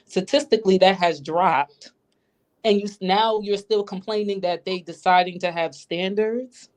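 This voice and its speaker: A woman's voice: mid-range voice, normal speed, darkish tone. A woman co-hosting a live stream in casual chat, making pointed arguments and asking rhetorical questions. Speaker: livestream co-host.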